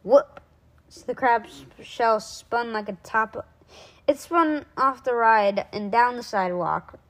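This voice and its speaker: A woman reading a children's storybook aloud in a fairly high voice. Her narration is lively, with small stumbles she quickly corrects. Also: poor audio.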